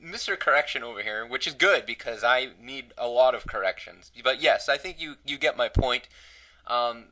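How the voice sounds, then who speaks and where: Bright-voiced rambling podcast host man. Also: mid-range voice, lively intonation, normal speed, rough recording. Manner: rambling storyteller, self-deprecating. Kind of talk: casual podcast chat.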